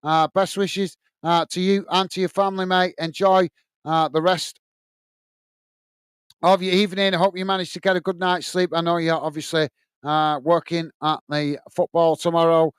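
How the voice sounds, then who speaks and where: A man's voice: fairly high pitch, little pitch movement, normal speed, clear, resonant tone, dry recording. A man hosting a football watch-along live stream, reading out viewer comments and giving friendly, repetitive sign-offs with many fillers. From England.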